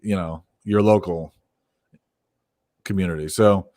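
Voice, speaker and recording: A man's voice: low-pitched, steady tone, a little slow, darkish tone, no room sound. A man co-hosting a podcast in casual chat, giving business-minded opinions in a conversational way. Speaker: podcast co-host.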